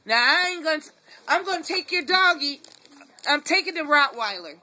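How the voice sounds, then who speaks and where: A woman's voice: high voice, expressive, normal speed, pushed and bright. A woman filming at home, mock-scolding and teasing her little dog with frequent laughter. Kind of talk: casual home video talking to a dog.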